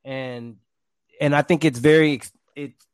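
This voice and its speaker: A man, a stage performer, telling his story in a casual interview, animated and acting out voices. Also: on the high side, a little slow, clean tone, dry recording. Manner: animated, acts out quotes with shouts and pants.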